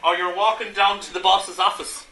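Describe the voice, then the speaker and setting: A man with a high-pitched voice and fairly even intonation speaks at normal speed over crowd noise. He's a Gestalt therapist lecturing a live audience in an echoey room with faint ambience, asking rhetorical questions and acting out everyday examples.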